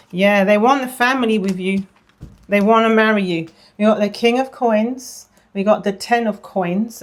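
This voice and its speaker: Chatty woman giving a tarot reading. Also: mid-range voice. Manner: chatty, repeats phrases, drifts into a soft murmur. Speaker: tarot reader.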